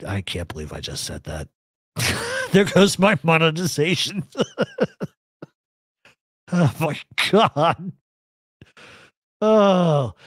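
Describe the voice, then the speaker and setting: A man's voice: mid-range voice, slightly rough, no echo, clean studio sound. A man hosting a live talk show, giving blunt, rambling opinions to viewers in the chat. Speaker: host. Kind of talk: live radio chat answering a chat.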